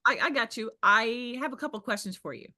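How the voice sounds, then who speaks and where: High, lively woman coaching a group. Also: fairly quick. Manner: emphatic, with high squealing impressions of others. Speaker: business coach leading a group call. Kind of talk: animated coaching talk.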